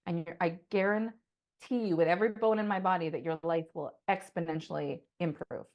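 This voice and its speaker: A woman with a lowish, slightly mellow voice talks briskly in a steady tone, with the high frequencies cut off. Co-hosting a podcast, she delivers a casual monologue that's passionate and rambling, swearing often and saying "like" constantly.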